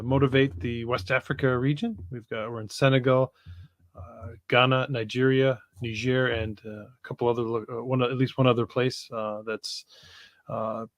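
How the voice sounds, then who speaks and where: A man from Wisconsin, co-hosting a podcast in casual chat, easygoing and laughing often, with many pauses and uhs. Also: medium pitch, dry recording. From Wisconsin, USA. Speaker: podcast co-host, regional coordinator. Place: home room with books.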